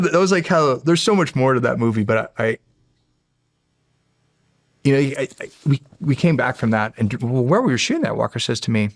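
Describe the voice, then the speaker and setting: Male, 40s, podcast guest. Low and gravelly, rambling storyteller who restarts a lot, dry studio sound. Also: normal speed, dry recording. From United States. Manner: rambling and emotional, with many restarts. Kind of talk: casual storytelling.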